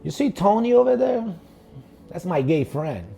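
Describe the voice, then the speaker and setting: A man putting on the voice of a sassy, quick-witted young female bartender, bubbly and mock-sweet. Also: sits high, sing-song, creaky, mellow, soft background music, pitched above the performer's own voice, heavily acted.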